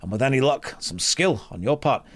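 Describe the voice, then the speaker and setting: A man voicing a wounded, blunt male warrior with a gruff Scottish accent. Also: medium pitch, lively intonation, a little fast, lightly acted. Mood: earnest. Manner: gruff, storytelling brogue.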